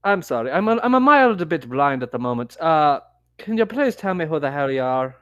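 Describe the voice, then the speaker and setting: A man playing a polite, flattering male prisoner with an odd accent, talking haltingly with many fillers. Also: on the high side, clean tone, dry recording, highs cut off. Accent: odd put-on accent. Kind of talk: tabletop game role-play.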